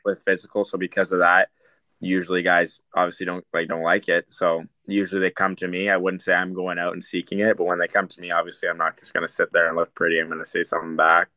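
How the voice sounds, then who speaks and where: A man's voice: low voice, monotone, fast talker, pushed and bright, no echo. A young man, a hockey prospect, answering interview questions casually, with many fillers and restarts. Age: young adult.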